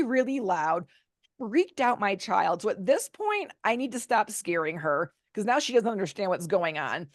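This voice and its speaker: A woman's voice: medium pitch, normal speed, no echo, clean studio sound. A woman guest candidly recounting a personal story in an interview, acting out quotes as she goes. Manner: candid, animated retelling with acted-out quotes. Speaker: podcast guest, author.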